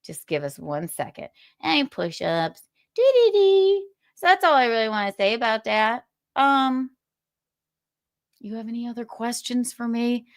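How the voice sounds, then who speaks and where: A woman's voice: a little high, animated, moderate pace, no echo, studio quality. A woman hosting a livestream, ranting in a sarcastic, profane way and laughing between jabs. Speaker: livestream host.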